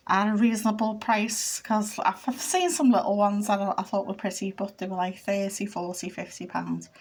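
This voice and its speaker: A middle-aged woman from England with a slightly high voice. She chats casually to her viewers, rambling and homely as she walks about her house. She holds the camera in her hand while she talks. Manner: chatty, rambling, homely, shows things off while walking around. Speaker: vlogger. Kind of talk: casual home vlog chat. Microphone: handheld camera.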